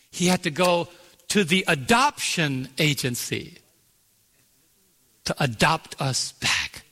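A man preaching a sermon, telling a story and then building to emphatic points with dramatic slow-downs. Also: a little high, pushed and bright, in a large hall. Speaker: pastor.

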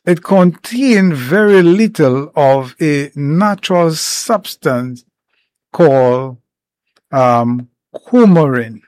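A man explaining herbal remedies in an informal talk, unhurried and step by step, with many pauses. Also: fairly high pitch, animated, darkish tone, no echo. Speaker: herbal educator.

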